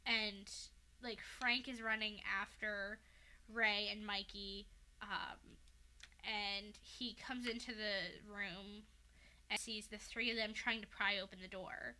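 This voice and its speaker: A podcast host casually recaps a fan fiction, rambling through the story with lots of "like" and "um" and swearing freely. Her voice is medium-pitched and sharp, with a level tone and a slow pace.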